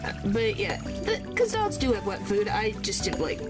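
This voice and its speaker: A woman's voice: mid-range voice, very animated, moderate pace, loud music behind the voice. A woman chatting casually with her chat while streaming a game, often exclaiming in surprise.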